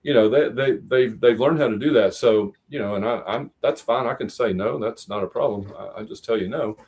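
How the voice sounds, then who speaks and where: A middle-aged American man with a husky, slightly breathy voice tells rambling stories as a guest on a casual streamed chat. He restarts his sentences often and acts out the people he quotes. His pitch sits in an ordinary male middle range. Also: brisk, darkish tone. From United States. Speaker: guest, high school teacher and veteran.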